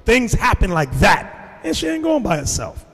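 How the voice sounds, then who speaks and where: A man preaches in an animated way, his fairly high voice swinging widely in pitch. He tells stories to his congregation and acts out voices along the way. A long reverb hangs on every word, as in a big hall. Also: normal speed, vocal fry. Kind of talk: sermon.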